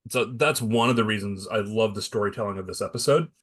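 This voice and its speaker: A man's voice: fairly low pitch, fast talker, slightly rough. A man hosting a podcast, talking through a favorite episode with enthusiasm. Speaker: podcast host. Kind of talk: casual chat.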